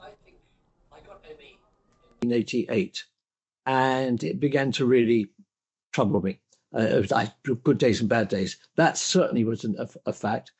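An older man with a husky, slightly breathy voice speaks as a guest in a conversation. He tells his stories thoughtfully and often stops to restart a sentence. His self-deprecating asides keep the tone modest. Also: medium pitch, a little mellow. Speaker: interview guest. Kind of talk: reflective conversational storytelling.

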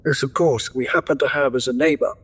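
An older interview guest, calling in by video from his home in the countryside, shares reflective anecdotes about his earlier life. His voice is husky, fairly quick and moderate in pitch, staying even. He speaks gently, pausing to restart here and there as he gathers himself.

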